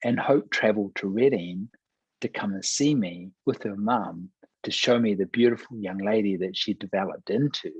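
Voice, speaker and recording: A man speaking with a low, husky voice, earnestly telling a testimony and acting out the voices in his story. He sounds close to the mic, and the sound is dry and unroomy. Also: normal speed, no room sound, lo-fi sound. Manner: earnest storyteller, acts out quoted dialogue. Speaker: pastor.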